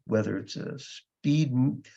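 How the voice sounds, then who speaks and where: A man's voice: medium pitch, takes it slowly, gravelly, mellow. An older man, a comedy magician and podcast guest, telling stories with animation and acting out other people's voices. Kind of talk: storytelling interview answer. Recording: slightly dull lo-fi sound.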